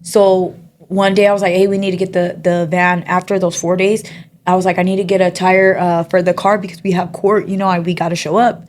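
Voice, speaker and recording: A woman, an interview guest, shares a personal testimony in casual conversation. She is soft-spoken and halting, with frequent pauses and fillers, and her voice is fairly low-pitched with a flat delivery.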